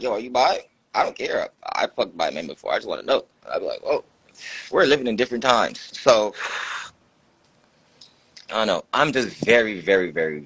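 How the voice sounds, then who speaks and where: A man's voice: low-pitched, a bit bright, slightly rough, dry recording. A man hosting a live stream, talking bluntly and profanely in casual chat, mocking others as he quotes them.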